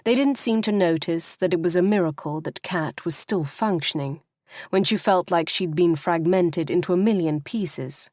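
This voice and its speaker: Here a woman narrates a scripted audiobook with a measured, expressive reading. She has a lowish voice, captured cleanly in the studio with no echo.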